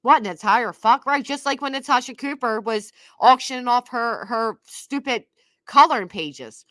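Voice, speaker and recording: A woman's voice: on the high side, lively intonation, moderate pace, pushed and bright, dry recording, clean studio sound. A middle-aged woman hosting a reaction commentary, sarcastic and scornful, repeating herself for emphasis. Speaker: commentary channel host.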